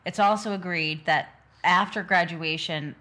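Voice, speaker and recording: A woman co-hosting a casual podcast recap. Her voice is a touch low in pitch but bright and forward. She is chatty and laughs often. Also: steady tone, a little slow. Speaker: podcast co-host. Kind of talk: casual chat recapping a miniseries.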